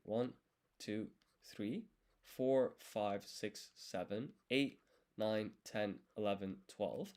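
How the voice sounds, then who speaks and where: Slow and a little mellow, this young man's fairly low voice narrates his live-streamed study. He counts every stroke aloud and patiently explains each step as he writes, a language learner thinking aloud in a casual session.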